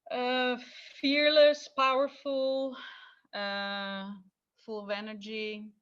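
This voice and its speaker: A woman's voice: a little high, little pitch movement, very slow, a bit bright, clear, resonant tone, dull audio. A woman taking part in a coaching video call, speaking hesitantly with many fillers. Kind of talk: hesitant casual sharing.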